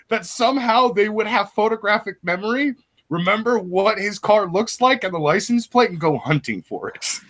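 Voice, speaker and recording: A man's voice: high voice, lively intonation, normal speed, a bit bright. A man hosting a stream, telling crude stories in casual chat and laughing often. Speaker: stream host.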